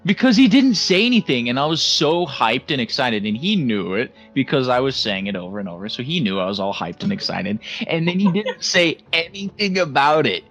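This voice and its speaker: A young man chatting casually with friends, his tone bright and ringing. He tells his story with big, animated emphasis. Faint music plays in the background. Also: medium pitch, brisk, few pauses. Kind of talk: casual chat among friends.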